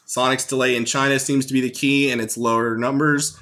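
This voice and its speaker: A man with a bright, forceful voice reads movie news items on a casual podcast. He drops little jokes between the figures, at a mid-range pitch. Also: flat delivery, a little fast. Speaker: podcast co-host reading news.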